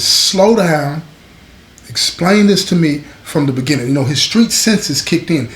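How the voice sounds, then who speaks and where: A man's voice: fairly high pitch, roomy sound. A man hosting his own show, telling a story in a casual, conversational way with street slang. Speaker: host.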